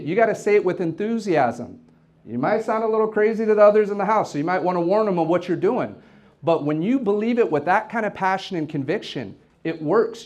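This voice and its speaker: A man in his forties giving a motivational talk to a live audience, telling stories with energy and often repeating words as he builds up. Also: on the high side. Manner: energetic, storytelling, repeats words when excited. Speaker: event host and real estate team leader. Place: office event space with an audience.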